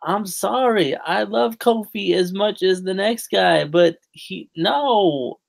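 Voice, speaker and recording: Male podcast co-host, a touch high and gravelly, loose rambling delivery. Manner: rambling, many fillers and restarts. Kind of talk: casual chat.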